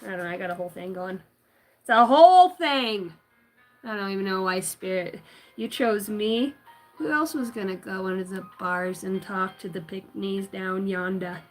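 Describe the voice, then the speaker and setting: A woman who works as a tarot reader and medium, rambling through a casual livestream chat with lively storytelling and frequent swearing. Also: mid-range voice, moderate pace, faint music behind, poor audio.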